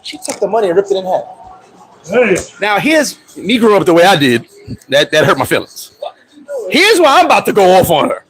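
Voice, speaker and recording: A man hosting a casual livestream, telling stories in a profane, animated way, with loud outbursts, and answering viewer comments. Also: high-pitched, brisk, low-quality recording. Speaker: livestream host.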